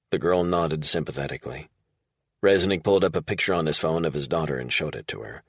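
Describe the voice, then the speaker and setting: A man narrating a crime thriller audiobook in a measured, dramatic reading. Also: a bass voice, dry recording, clean studio sound. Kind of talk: scripted narration.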